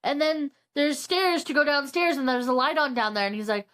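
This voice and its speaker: A woman's voice: high voice, normal speed, few pauses, fairly bright tone. A young woman co-hosting a podcast, casually retelling a book's plot, acting out the characters' lines and swearing freely. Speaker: podcast co-host. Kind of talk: casual book recap chat.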